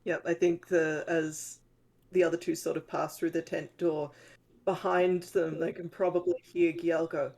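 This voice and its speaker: A woman's voice: deep voice, flat delivery, unhurried, vocal fry, a little mellow. A woman player in a tabletop role-playing game, dry and matter-of-fact.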